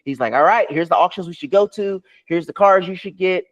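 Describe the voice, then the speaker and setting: A man, a podcast guest, telling a long story with excitement and acting out other people's lines as he goes. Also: high-pitched, fairly quick. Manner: swears freely. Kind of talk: animated storytelling.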